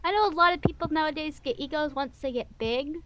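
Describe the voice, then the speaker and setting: Chatty high-voiced woman with a Missouri accent. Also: quick pace. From US Midwest. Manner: chatty, rambling, animated. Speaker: guest VTuber. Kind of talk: casual interview chat.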